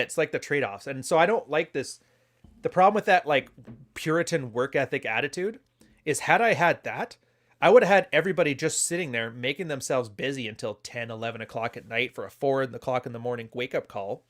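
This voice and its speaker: A man's voice: mid-range voice, fairly bright tone. A man hosting a casual livestream, telling a story in a blunt, profane way. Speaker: commentary host.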